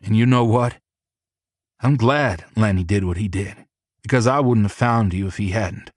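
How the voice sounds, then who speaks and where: A man reading aloud and voicing an emotional young man who speaks in a halting, upset way, in an audiobook. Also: lowish voice, dry recording, clean studio sound, natural voice. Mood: tender. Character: young man, emotional, tender, shaken boyfriend. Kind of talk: audiobook character voice.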